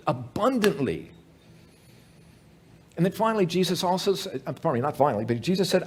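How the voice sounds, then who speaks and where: A male pastor delivers an evening sermon in a church. His voice sits high and a little husky, with a lively, wide-ranging pitch. He speaks conversationally, mixes in jokes, and keeps asking the congregation rhetorical questions. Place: church sanctuary, evening service.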